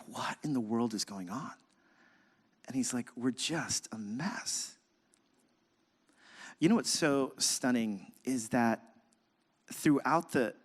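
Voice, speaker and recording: A man, a pastor, preaching a sermon and telling a lively personal story, acting out his own outbursts and laughing at himself. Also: mid-range voice, big-room sound.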